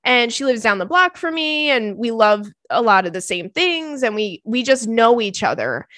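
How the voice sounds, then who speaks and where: A young woman hosting a podcast, chatting casually, ranting and laughing often, her voice swinging between loud and soft. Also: on the high side, big pitch swings, normal speed, no echo, clean studio sound. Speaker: podcast host. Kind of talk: casual chat.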